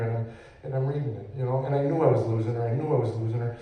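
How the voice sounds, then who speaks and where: A middle-aged man giving his personal testimony at church, halting and repeating words, swinging from hushed to loud. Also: medium pitch, dull audio. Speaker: testimony speaker, former comedian. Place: church sanctuary. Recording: echoey church hall, mic far off.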